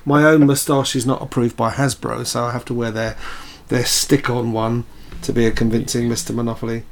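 A man's voice: mid-range voice, fairly quick, a little hiss or hum. Chatty laid-back man, podcast co-host. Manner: relaxed, chatty, laughs easily. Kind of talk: casual chat.

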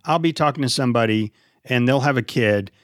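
A man's voice: medium pitch, a little fast, no echo. Profane ranting man, dry sound. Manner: profane, ranting, mock-indignant. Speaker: podcast co-host. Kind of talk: casual chat.

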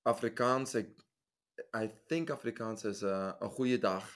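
A man's voice: on the low side, a bit bright. Jokey male podcast co-host. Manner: jokey, trades rapid greetings in many languages. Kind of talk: playful casual chat.

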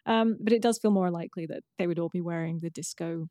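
A woman's voice: on the low side, mellow, dry recording, clean studio sound. Chatty woman podcast co-host. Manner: chatty, with fillers and quick asides. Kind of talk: casual chat about a TV episode.

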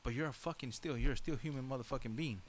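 A man's voice: mid-range voice, quick pace. A man co-hosting a talk radio show, speaking bluntly and swearing heavily as he rants. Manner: blunt, profane ranting. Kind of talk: casual chat.

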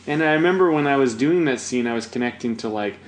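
A man's voice: medium pitch, lively intonation, fast. Reflective man, echoey room. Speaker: actor. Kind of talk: casual conversation. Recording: roomy echo.

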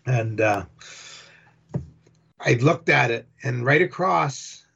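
A man's voice: medium pitch, takes it slowly, creaky, slight background noise. A man telling a rambling first-person story about his boat tour, acting out what people said. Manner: rambling, animated retelling with acted-out quotes. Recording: dull lo-fi recording.

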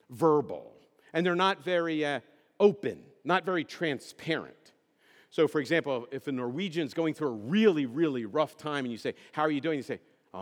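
A middle-aged male pastor preaching a conversational sermon, joking and putting questions to the congregation. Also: a little high. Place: church sanctuary. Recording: long hall reverb.

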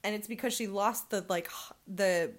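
A woman's voice: medium pitch, moderate pace. Blunt, sweary woman podcast host. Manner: blunt, sweary, animated storytelling. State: pregnant. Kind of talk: casual chat.

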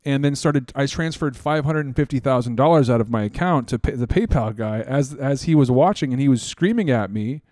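A man hosting a podcast, telling stories in a rambling, excitable and profane way. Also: medium pitch, brisk, hardly any pauses, no echo, studio quality. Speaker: podcast host. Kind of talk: casual chat.

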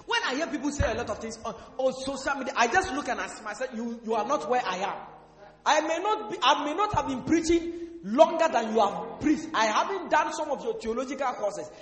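A male pastor preaching a sermon, asking the congregation questions and breaking into sudden shouts. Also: very high-pitched, expressive, a little fast. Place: church hall. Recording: echoey hall with faint music.

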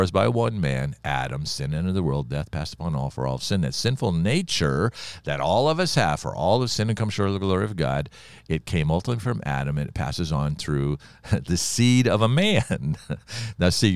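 Very animated yet low-pitched, the older pastor speaks at normal speed in a dry, clean studio recording. He teaches the Bible on his podcast like a folksy storyteller, sharing plenty of personal stories.

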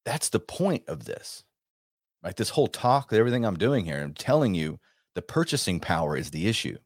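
Male radio host, very low voice, dry close sound, emphatic and rambling. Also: big pitch swings, moderate pace, dry recording. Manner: emphatic, rambling, with frequent restarts. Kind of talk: monologue commentary.

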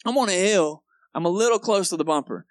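Male pastor, young, slight Texan accent, lively self-deprecating storyteller, a touch high-pitched, dry sound. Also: a little fast, dry recording. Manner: animated storyteller, acts out moments, laughs at himself. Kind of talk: sermon with personal story. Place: church sanctuary.

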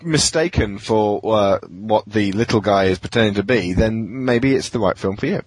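Low, husky man, dry sound. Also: normal speed, no room sound, low-quality recording. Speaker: podcast host. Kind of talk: casual chat.

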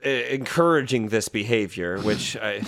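A man's voice: on the low side, normal speed, fairly bright tone. A man from Chicago, an improviser guest on a podcast, riffing in playful rambling comic chat. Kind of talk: casual comedic chat.

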